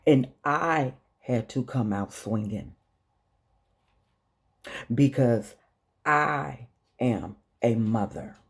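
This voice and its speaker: Her bass voice is animated, creaky, and a bit breathy as this middle-aged vlogger from Chicago, speaking with the local accent, addresses the camera in an emotional monologue. She talks slowly, earnestly, and bluntly, and she swears.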